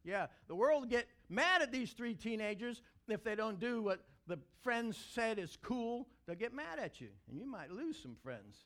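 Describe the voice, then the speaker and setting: A man preaching to teenagers in a folksy, animated storytelling way, with casual slang and chuckles. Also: very high voice, moderate pace, hardly any pauses. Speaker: youth preacher. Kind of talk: sermon to teenagers.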